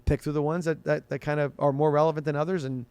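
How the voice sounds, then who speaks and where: A man's voice: on the high side, flat delivery, fast talker, a little mellow, clear, resonant tone, dry recording. A man hosting a sports radio show, answering listener questions in a loose, rambling way and often restarting his sentences. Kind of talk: casual sports talk show chat.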